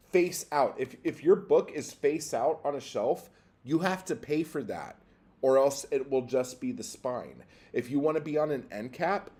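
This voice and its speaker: Exasperated, profane man ranting on a livestream. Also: fairly high pitch. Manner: profane, exasperated, swings from loud outbursts to muttering. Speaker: poetry livestream host.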